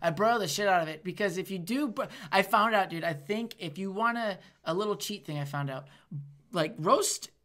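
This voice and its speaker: Woman on a podcast just chatting, swears a lot, blunt, normal-pitched voice. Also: moderate pace. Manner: blunt, profane, animated, acts out quotes. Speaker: podcast co-host. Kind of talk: casual chat.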